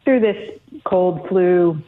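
A woman executive explaining her organization's policies in a steady, informative way on a radio interview. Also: fairly low pitch, drawn-out words. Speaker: blood bank executive guest. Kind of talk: radio interview over the phone. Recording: tinny phone line.

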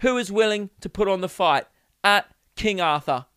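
A man's voice: sits high, animated, moderate pace, smooth, no echo, clean studio sound, pitched above the performer's own voice. A man putting on a British accent to play a brash bloke who taunts someone into a joust. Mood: taunting. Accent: British put-on. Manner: loud taunting goading.

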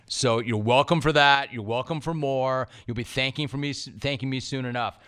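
A man's voice: mid-range voice, moderate pace, a bit bright. Confident sports podcast host, a man. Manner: confident, smooth delivery. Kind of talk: sports podcast hosting and ad read.

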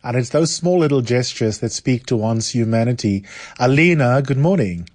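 A male radio host taking callers on a call-in show, calm and courteous. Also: medium pitch, normal speed, no room sound.

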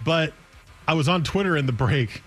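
A man's voice: on the high side, moderate pace, soft background music. A man in his thirties co-hosting a sports radio show, telling stories with laughs and acted-out quotes. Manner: animated storytelling, acts out quotes with laughs. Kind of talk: casual sports radio banter.

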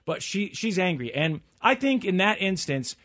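Man in his 40s, casual chat, lively storyteller, slightly high voice. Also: normal speed. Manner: animated storyteller acting out quotes.

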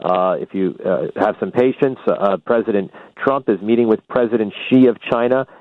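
A male correspondent answering questions live on a radio show, speaking in a measured way with frequent fillers. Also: lowish voice, no echo. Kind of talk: live interview by phone. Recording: tinny dry phone line.

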